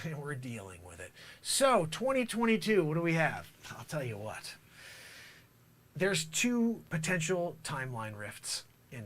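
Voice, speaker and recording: Man, comedic rambling monologue, very lively pitch, conspiratorial asides. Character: self-proclaimed man from the future, boastful. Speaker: comedy vlogger playing a time traveler.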